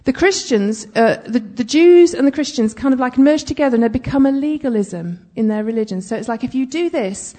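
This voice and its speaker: Husky, warm-toned woman teaching. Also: high-pitched, expressive, a little fast, hardly any pauses. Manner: chatty, self-deprecating asides, checks in with listeners. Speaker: Bible teacher. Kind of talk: conversational Bible teaching.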